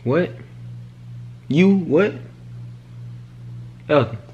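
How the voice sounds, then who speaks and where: Playful young man with a lively voice. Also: on the high side, extremely slow, muffled recording, a little hiss or hum. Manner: teasing, playful, loud protests. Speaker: vlog host. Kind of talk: casual prank vlog chat.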